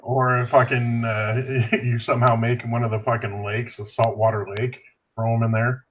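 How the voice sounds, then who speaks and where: A man co-hosting a casual podcast, tossing in relaxed wisecracks and laughing along. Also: medium pitch, moderate pace, a little hiss or hum. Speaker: podcast co-host.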